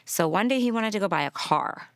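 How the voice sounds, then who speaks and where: In a documentary interview, a grieving middle-aged mother earnestly and emotionally tells her story, sometimes dropping to a soft near-whisper. Her mid-range voice is animated and brisk, captured in a dry, clean studio recording.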